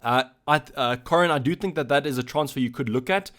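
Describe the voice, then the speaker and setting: On his own channel, a South African host keeps the live stream laid-back, voicing viewers' chat messages and replying to them one by one. The pitch is an ordinary middle register for a man, and the delivery loose and halting.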